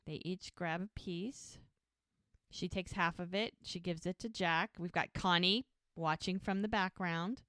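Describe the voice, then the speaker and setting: A woman's voice: fairly low pitch, measured pace, no echo, clean studio sound. A woman co-hosting a podcast, casually retelling a show's scenes and acting out the quoted lines. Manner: lively storyteller who voices quoted lines. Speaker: podcast co-host recapping episodes.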